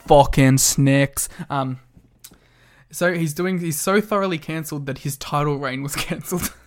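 A man's voice: fairly high pitch, moderate pace. A man co-hosting a podcast, chatting casually about wrestling, joking and swearing often. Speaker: podcast co-host. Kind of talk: casual wrestling recap chat.

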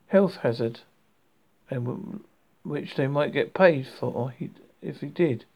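Gravelly man reading aloud, stumbling often. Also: fairly high pitch, darkish tone. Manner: halting, with frequent restarts and stumbles on words. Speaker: audiobook reader. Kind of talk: reading a comic novel aloud.

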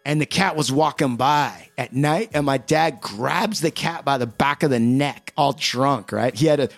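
A man's voice: medium pitch, measured pace, gravelly. A man telling a rowdy family story in casual podcast chat, profane and laughing as he goes.

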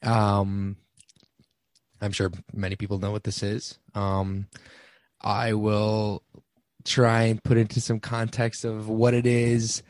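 Hesitant young man, low dry voice. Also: completely flat delivery, takes it slowly, a little mellow, dry recording. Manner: hesitant, many ums and restarts. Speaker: podcast host. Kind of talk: casual solo podcast talk.

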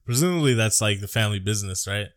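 A man's voice: fairly low pitch, animated, fast, no echo, studio quality. An American man co-hosting a podcast, chatting casually about a movie in a joking, profane, rambling way. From United States. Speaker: podcast co-host.

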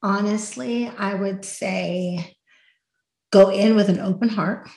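Animated woman podcast host, roomy sound. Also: mid-range voice, slow pace. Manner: animated storyteller, acts out quotes. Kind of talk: casual chat.

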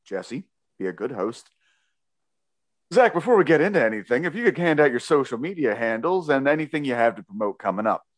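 A man's voice: fairly high pitch, very animated, quick pace, hardly any pauses. A man hosting a casual podcast, joking and rambling, who corrects himself mid-sentence and slips into a slight Southern inflection. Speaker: podcast host.

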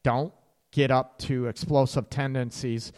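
A man hosting a relationship advice radio show, blunt and animated, with sarcastic asides and casual swearing. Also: mid-range voice, a little slow, big-room sound.

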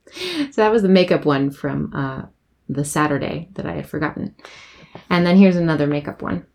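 A woman's voice: sits low, expressive, moderate pace, gravelly. A young woman hosting her own podcast, talking in a casual, rambling, giggly way as she reflects on past episodes. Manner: rambling, giggly, soft-spoken. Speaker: podcast host.

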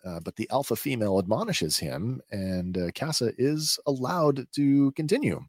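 A man hosting a podcast, recapping a TV episode in a conversational, halting way. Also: mid-range voice, lively intonation, no echo, clean studio sound. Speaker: podcast host.

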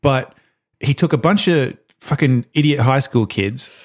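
A man's voice: mid-range voice, unhurried, a little mellow. Rambling laughing man. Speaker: podcast co-host. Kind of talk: casual chat.

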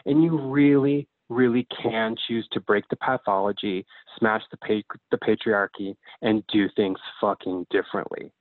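A man's voice: fairly low pitch, fairly even intonation, normal speed, hardly any pauses, dry recording, narrow, tinny audio. A man of about thirty, a podcast guest, talking in an emotional, heartfelt way and swearing casually.

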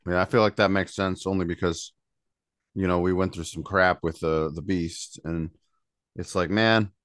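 Low-voiced joking podcast co-host man. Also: fairly even intonation, normal speed, a bit bright, dry recording, clean studio sound. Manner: laid-back, joking. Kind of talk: casual podcast chat.

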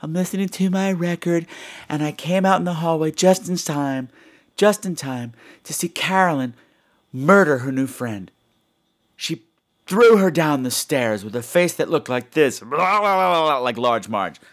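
A creepy old woman, as a man puts her on, tells her dark family secret in a higher, hushed voice that sometimes drops to a whisper. She is theatrical and eerie, like a character in a spooky campfire tale. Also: expressive, unhurried. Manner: hushed, dramatic storytelling.

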